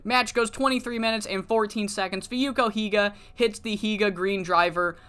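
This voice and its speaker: A casual game commentator narrating a wrestling sim save, excitable and swearing freely while paraphrasing characters' promos. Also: medium pitch, moderate pace, clear, resonant tone.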